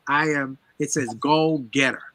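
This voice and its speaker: A man's voice: a little high, unhurried, bright, forceful tone, no room sound. A man giving a motivational talk as an interview guest, driving his points home with emphatic, preacher-like repetition. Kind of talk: energetic motivational storytelling.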